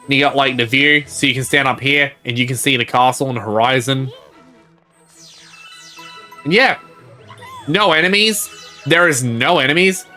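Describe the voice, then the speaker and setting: A man's voice: medium pitch, moderate pace, long pauses, sharp tone, soft background music. A male game streamer giving casual, rambling gameplay commentary and reading game dialogue aloud.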